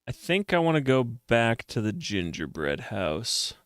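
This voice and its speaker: A man's voice: mid-range voice, sing-song, a little slow, no room sound, studio quality. A man streaming a retro video game, chatting casually, joking, and reading the on-screen text aloud. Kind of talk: casual let's-play commentary.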